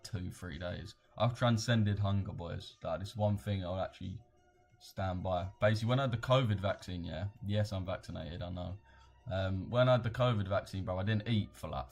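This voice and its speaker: A young man with a London accent, chatting casually and rambling in slang on a live trading stream. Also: sits low. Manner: slangy, rambling, reads chat aloud.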